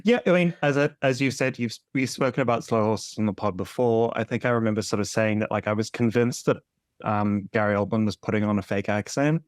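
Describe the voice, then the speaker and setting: A man's voice: fairly low pitch, a little fast, no room sound. Man cohost, opinionated, laughs a lot, repeats stuff, super dry close sound. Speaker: podcast co-host. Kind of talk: casual chat.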